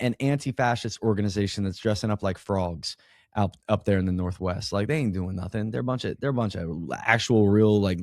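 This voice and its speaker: Animated rambling male podcast guest. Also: on the low side, no room sound, studio quality. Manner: animated, rambling, with frequent restarts and slang. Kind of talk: casual conversational interview.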